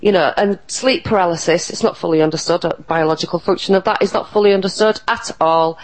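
A woman's voice: fairly low pitch, fast, low-quality recording. A woman talking earnestly and emphatically as an interview guest, often restarting her sentences. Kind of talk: casual interview talk.

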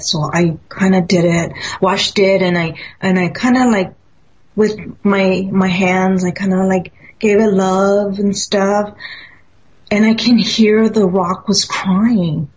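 A woman's voice: medium pitch, fairly even intonation, a little slow. A woman in casual spiritual conversation, speaking earnestly and acting out the voices in her own stories. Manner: earnest, storytelling, acts out quotes. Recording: dull lo-fi audio.

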